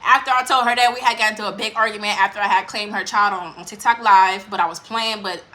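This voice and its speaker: Bright-voiced woman telling a candid story. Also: medium pitch, fairly even intonation, fast. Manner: candid, profane, rambling with many fillers. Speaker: vlogger. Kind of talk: casual storytime monologue.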